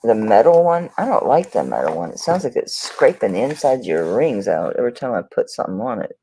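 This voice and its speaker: A woman's voice: a bass voice, very animated, brisk, dark tone, slight background noise, rough recording. A woman from Florida with a Southern US accent, hosting a live jewelry sale and chatting casually while she rambles and talks to herself as she searches her table. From Tampa, Florida, USA. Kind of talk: casual live-stream selling chat.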